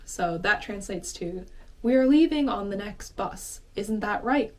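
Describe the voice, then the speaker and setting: Chatty woman teaching a language lesson. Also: a little slow. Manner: chatty, many fillers like "kind of" and "like"; acts out short example lines with lively pitch jumps. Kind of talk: casual explanatory lesson.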